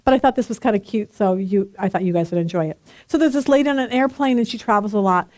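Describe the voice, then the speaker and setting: A woman in her forties teaching a casual Bible study, telling stories in a chatty, animated way. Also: mid-range voice, quick pace, no room sound. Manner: chatty, animated storytelling with frequent laughter.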